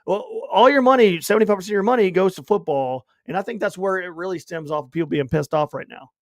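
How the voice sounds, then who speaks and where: A man with a high voice co-hosts a sports podcast in casual chat. He rambles along animatedly, breaking into loud bursts now and then, recorded dry and close. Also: fast talker, no echo. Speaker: podcast co-host.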